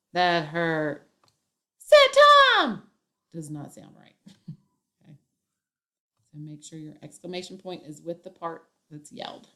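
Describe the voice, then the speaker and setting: Woman teacher, lower-pitched, walks a class through punctuation step by step. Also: fairly bright tone. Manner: step-by-step, acts out example lines with emphasis. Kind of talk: classroom grammar lesson.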